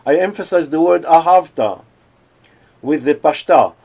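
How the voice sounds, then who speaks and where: A man giving a conference lecture on cantillation. He explains in plain speech and then chants scripture verses slowly, with drawn-out phrasing. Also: a little high, animated, a little mellow.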